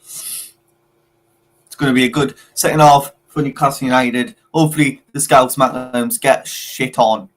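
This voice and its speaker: A man's voice: medium pitch, steady tone, a little slow. A young man co-hosting a football watchalong, teasing rival fans in casual, repetitive banter.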